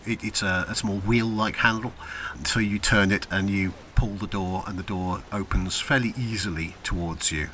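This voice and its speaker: Bright-voiced male game master narrating. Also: lowish voice, steady tone, slight background noise. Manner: descriptive, unhurried, with fillers. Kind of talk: narrating a tabletop role-playing game.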